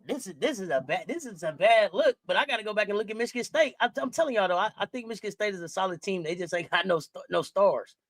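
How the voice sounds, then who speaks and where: A woman's voice: mid-range voice, lively intonation, fast talker, hardly any pauses, no room sound. A woman hosting a sports talk stream, ranting heatedly to her viewers with lots of swearing and repeated phrases. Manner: profane, heated, repetitive ranting; addresses viewers directly and often. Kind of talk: live-chat sports rant.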